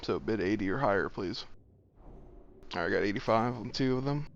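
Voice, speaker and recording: Gravelly low man leading a game raid. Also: animated, a little fast, a little hiss or hum. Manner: calls out bids and directions matter-of-factly. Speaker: raid leader running loot auction. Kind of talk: casual game voice chat. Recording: dull lo-fi voice chat audio.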